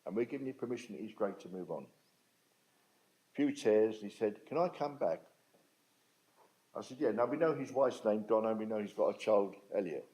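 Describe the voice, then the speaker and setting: A man's voice: on the low side, lively intonation, normal speed, long pauses, warm tone, rough recording. An older man, telling his story to an audience in a blunt, plain-spoken, emphatic way. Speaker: speaker at a talk on restorative justice.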